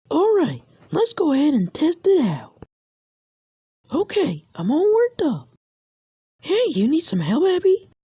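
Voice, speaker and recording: A woman performs a cheerful young male cartoon cat inventor with a very high, bouncy voice that swoops up and down. He talks in an unhurried, excitable way, always cheering his friends on. The sound is dry and close, with a mellow tone. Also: dry recording, full character voice. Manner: upbeat, encouraging, excitable. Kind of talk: fan voice clips of a cartoon character.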